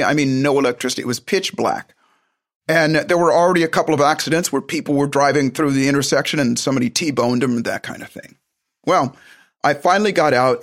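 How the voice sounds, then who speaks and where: A man's voice: mid-range voice, a bit bright. A man telling a personal story in a casual, rambling way, with frequent restarts and side remarks.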